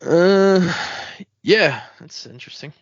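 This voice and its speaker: A man's voice: high voice, lively intonation, slow, dry recording, dull audio. A man co-hosting a podcast in casual chat, joking and laughing often. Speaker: podcast co-host.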